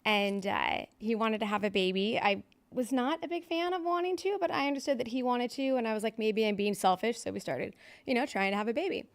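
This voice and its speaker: A slightly high, slightly fast female voice belongs to a podcast guest. The woman, who is in her thirties and hails from Southern California, lays out her recovery story with blunt candor and frequent fillers.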